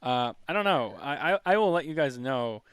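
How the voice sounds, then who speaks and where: A man's voice: medium pitch, expressive, moderate pace, clear, resonant tone, dry recording. A man hosting a podcast in casual chat, rambling and chatty as he reads comments. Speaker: podcast host.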